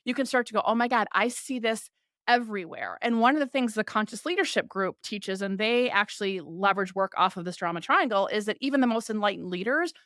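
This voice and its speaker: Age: adult. Sex: woman. Role: podcast host. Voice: smooth, mid-pitched. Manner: animated explainer. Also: quick pace, hardly any pauses, dry recording, studio quality. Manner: animated, voices quoted complaints for illustration. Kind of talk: explanatory conversational talk.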